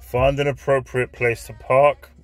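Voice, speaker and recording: A man's voice: medium pitch, level tone, measured pace, faint music behind, lightly acted. A man doing his sarcastic dad. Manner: curt, sarcastic instructions. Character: sarcastic Cypriot father teaching his son to drive.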